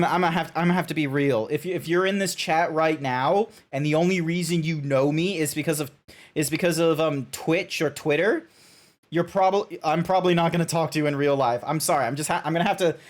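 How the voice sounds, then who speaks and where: A young Australian man chatting casually while streaming a game, rambling with restarts and frequent swearing. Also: a little high.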